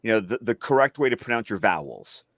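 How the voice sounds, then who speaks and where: A man's voice: lowish voice, sing-song, fast talker, a bit bright, dry recording, studio quality. A man from the US South chatting casually on a panel, rambling through stories in a trained, neutral stage voice. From Alabama, US South. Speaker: film podcast panelist.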